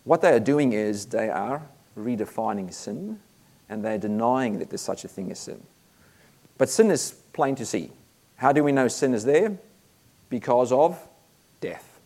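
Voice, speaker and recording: A man's voice: medium pitch, expressive, measured pace, mellow. A man preaching a sermon, earnest and emphatic, reading Bible verses aloud between points.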